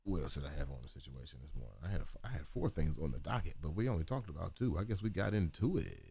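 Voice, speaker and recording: A man's voice: very deep voice, expressive, fast talker, creaky, mellow, slightly rough. A man co-hosting a casual morning livestream talk show, joking and profane in loose banter.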